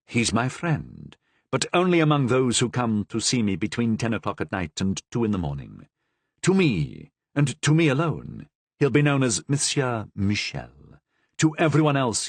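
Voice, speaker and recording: Wry, commanding cardinal, narrator's voice, dry close mic. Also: male voice, on the low side, dry recording, full character voice. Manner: smooth, ironic, commanding. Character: shrewd, wry, powerful older male cardinal.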